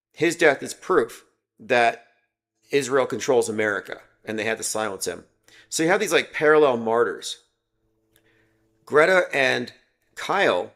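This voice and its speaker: A man in a mid-pitched voice hosts a casual livestream, talking in a loose, rambling way with a sarcastic edge. He breaks off from his points to greet viewers and read their comments aloud. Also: a bit bright. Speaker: livestream host.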